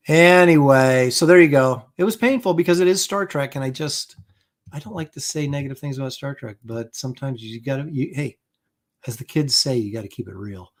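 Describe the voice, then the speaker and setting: A man's voice: medium pitch, moderate pace. A middle-aged man talks casually on his own live stream. He rambles and mocks himself, and he fills his talk with ums and false starts. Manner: rambling, self-mocking, many fillers and restarts. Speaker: host of a live comic art stream.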